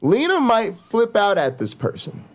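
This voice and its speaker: Vlogger guy, swears a ton, fast ranty talk, kinda high voice. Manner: animated, profane, says "right?" a lot. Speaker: YouTube host. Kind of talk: casual profane rant.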